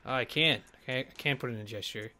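A man's voice: mid-range voice, quick pace, sharp tone, slight background noise. A man giving jokey let's play commentary, rambling and muttering to himself as he plays. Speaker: gamer.

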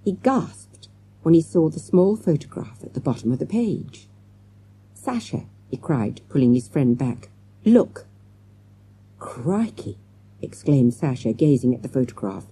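A woman narrating a children's audiobook with lively storytelling and many character voices. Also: very deep voice, moderate pace, husky.

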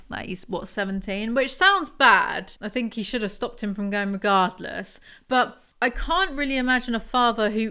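A woman talks through a novel in casual, chatty commentary, dropping sarcastic asides between the passages she reads. Her voice is smooth and clear, sitting at an ordinary pitch for a woman. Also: pushed and bright. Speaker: book reviewer. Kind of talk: casual commentary reading book excerpts.

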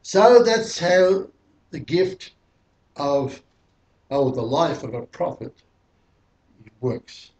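A man's voice: a little high, very animated, very slow, pauses often, a little mellow. A male preacher teaching a sermon verse by verse, putting questions to the congregation. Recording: echoey hall, mic at a distance.

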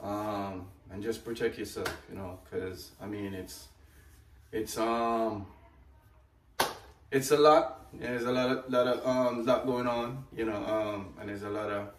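Man, halting and earnest co-host, mid-pitched voice, mic at a distance in a noisy room. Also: fairly even intonation. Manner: halting, earnest, many "um" and "you know" fillers. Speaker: brand co-founder, co-host. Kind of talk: casual home vlog chat. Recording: echoey room, mic at a distance, background noise.

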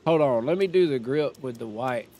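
A gaming streamer with a mellow, mid-range voice comments on his game at a moderate pace. He's animated and chatty, thinking out loud as he decides what to do.

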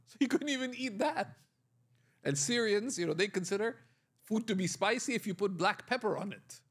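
A man teaching Arabic grammar in a classroom lecture, explaining step by step and often quizzing his students with questions and "right?". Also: high-pitched. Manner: frequent checking tags like "right?".

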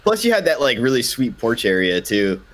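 A man's voice: mid-range voice, big pitch swings, normal speed. A young man joining a podcast over an online call, joking and egging the others on. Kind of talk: casual chat. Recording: noisy call line with clicks.

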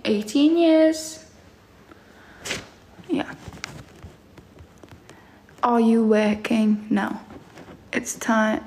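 Slow-talking woman teasing her live chat. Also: medium pitch, a little mellow, a little hiss or hum. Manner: teasing, sarcastic replies to chat, laughs often. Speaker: live streamer reading comments. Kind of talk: casual live-stream chat.

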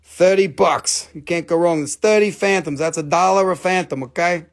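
Hosting a live stream crystal sale, a man with a high-sitting voice talks at normal speed. His casual sales chat rambles along with jokes, crude humor, and playful put-on voices.

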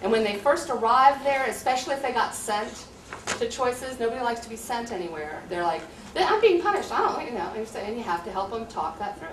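A US high school teacher describes her classroom to visitors in a brisk, rather high voice, earnest and chatty, acting out exchanges with students. The mic is distant, the room echoes, and a light hum sits under her speech.

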